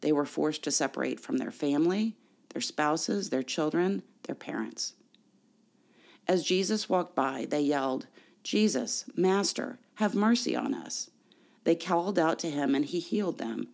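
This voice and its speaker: This is a preacher giving a Sunday sermon. The delivery is measured and deliberate. The pitch sits in a middle range, and the preacher poses rhetorical questions to the listeners. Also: animated, creaky, a little mellow. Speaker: pastor.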